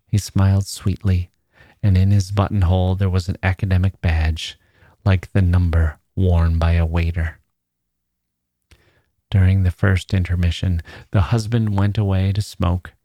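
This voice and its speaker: A man reads a classic story aloud in a measured, unhurried way, sinking into a soft whisper at tender moments. His voice sits very low and has a dark, mellow tone. The recording is dry and close, with no room sound. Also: no room sound. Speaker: narrator. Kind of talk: audiobook reading of a classic story.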